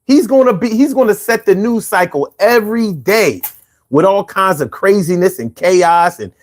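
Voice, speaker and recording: A man's voice: sits high, animated, moderate pace. A man hosting a livestream podcast, chatting casually and reading viewer comments with loose, profane banter.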